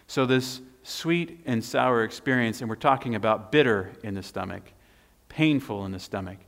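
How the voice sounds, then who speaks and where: A man preaching a sermon and reading scripture aloud, animated and emphatic, pointing to a handout. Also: medium pitch. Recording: long hall reverb.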